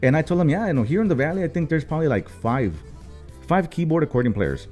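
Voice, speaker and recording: A man's voice: a little high, animated, fast talker, darkish tone, faint music behind. A man, co-hosting a casual talk show and telling a long story, with many fillers, swearing and switches into Spanish. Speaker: co-host.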